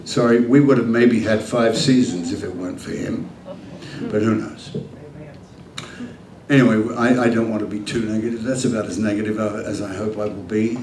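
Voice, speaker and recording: An older man answering fan questions at a convention, telling lively anecdotes and acting out the dialogue, laughing often. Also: on the low side, moderate pace. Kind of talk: convention Q&A storytelling. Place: large convention hall. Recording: echoey hall, heard from far off, faint hum.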